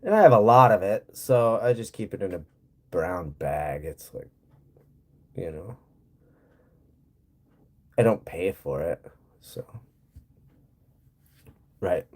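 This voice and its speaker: A man's voice: low-pitched, animated, slow, long pauses. A man from Montana chatting with his livestream audience in a casual, profane and sarcastic rant. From Montana, USA. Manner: profane, blunt, sarcastic ranting. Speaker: streamer answering chat. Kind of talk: casual ranting livestream chat.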